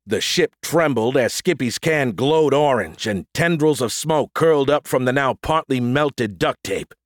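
A man's voice: medium pitch, animated, measured pace, few pauses, dry recording. A man narrating a first-person audiobook in a dry, wry storytelling manner.

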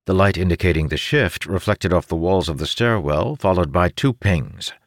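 A man narrating a fantasy audiobook in a measured, expressive storytelling manner. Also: deep voice, no echo, studio quality.

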